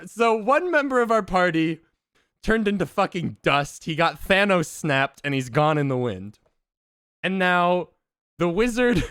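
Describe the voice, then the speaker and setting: Excited, profane male streamer. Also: high-pitched, clean tone, no echo, clean studio sound. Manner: excited, profane, laughing often. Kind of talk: casual storytelling to stream chat.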